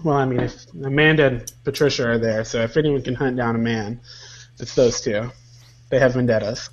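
A man playing his character in a tabletop game, talking in a rambling, halting way and chuckling through his lines. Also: mid-range voice, steady tone, muffled recording. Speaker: player. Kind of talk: in-character tabletop play over a voice call.

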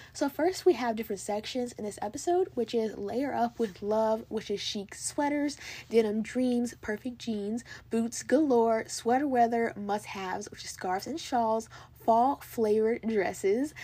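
A woman's voice: mid-range voice, warm tone, slightly rough. A young woman with an American accent hosting her own podcast, gushing and chatty, full of "like" and "literally". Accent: General American. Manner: bubbly, gushing, lots of "like" and "literally". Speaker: podcast host. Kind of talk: casual solo podcast chat.

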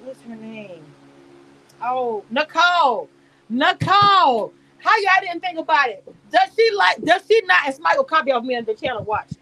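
A woman with a high voice chats through a live stream. She rambles, laughs often and reads her viewers' comments aloud. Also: lively intonation, quick pace, hardly any pauses, sharp tone. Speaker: YouTube live host reacting to a reality show cast. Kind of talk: casual live-stream chat.

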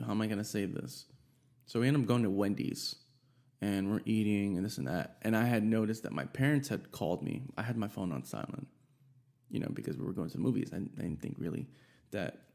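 A young man with a lowish, gravelly voice tells a story from his own life in an easy, loose way. He swears freely and livens up whenever he quotes someone. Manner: casual, profane, animated when quoting people. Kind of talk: casual personal storytelling.

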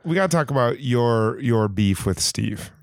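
A man's voice: mid-range voice, animated, moderate pace, dry recording, studio quality. A man co-hosting a podcast who sets up segments hesitantly, with many fillers. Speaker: podcast co-host. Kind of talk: casual podcast chat.

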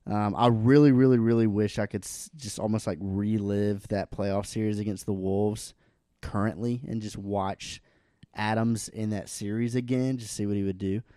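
A man co-hosting a casual sports podcast, relaxed and agreeable, thinking out loud. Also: lowish voice, moderate pace, no room sound, studio quality. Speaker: podcast co-host.

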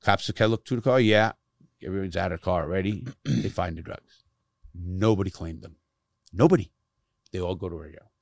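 A man's voice: deep voice, normal speed, pauses often, no echo. A middle-aged man telling stories from his life in casual conversation, blunt and emphatic, cursing often to stress his points. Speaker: guest, former prisoner who speaks to youth.

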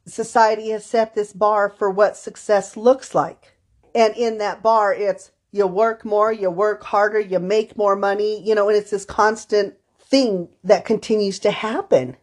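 A woman's voice: medium pitch, steady tone, measured pace, darkish tone. Woman therapist telling client stories. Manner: storytelling, acts out quoted dialogue. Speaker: therapist co-host. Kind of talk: podcast conversation.

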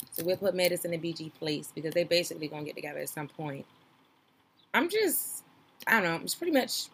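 A young woman hosting a podcast, giving sassy, gossipy reaction commentary on a reality show, loud one moment and mumbling the next. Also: medium pitch, a little hiss or hum. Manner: sassy, animated, gossipy, swings between loud outbursts and mumbling asides.

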